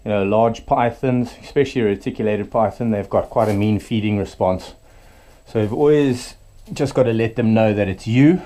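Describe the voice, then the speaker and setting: Low, mellow-voiced man keeper. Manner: relaxed, talks softly to the snake. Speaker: reptile keeper. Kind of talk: casual explanatory vlog. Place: indoors at a snake enclosure.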